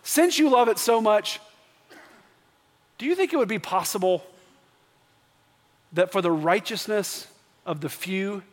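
A man's voice: high-pitched, animated, measured pace, pauses often. A man voicing an old patriarch earnestly pleading in prayer. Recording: long church reverb.

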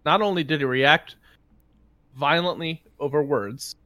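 A man's voice: fairly high pitch, bright, forceful tone, dry recording. Joking, loose podcast co-host man. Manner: loose, swearing, quick to joke. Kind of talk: casual podcast banter.

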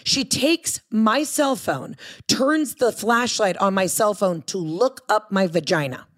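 A woman's voice: mid-range voice, slow pace. A woman guest telling a personal story in casual chat, acting out her own past lines as quotes.

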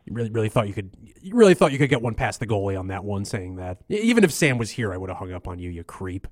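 A man's voice: fairly low pitch, very animated, quick pace, no room sound. Stammering, grumbling angry male radio host. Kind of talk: comedic radio call-in sketch.

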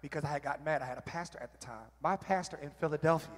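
A man sharing a candid, emotional personal testimony at church, with halting restarts. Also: a little high. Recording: reverberant hall.

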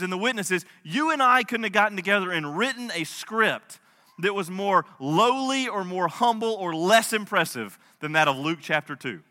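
A man in his thirties, a pastor, preaching a sermon, moving between soft storytelling and impassioned delivery. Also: sits high. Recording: long hall reverb.

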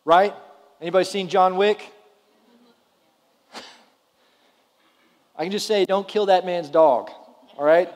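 Slow and high-pitched, with frequent pauses, a man in his thirties preaches to his congregation in a church hall. As a pastor he keeps the tone conversational and often asks the room questions, while long reverb rings through the roomy space.

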